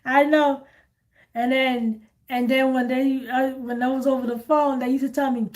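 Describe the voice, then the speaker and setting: A woman hosting a casual chat, animated and blunt, laughing often. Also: high voice, moderate pace. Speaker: host.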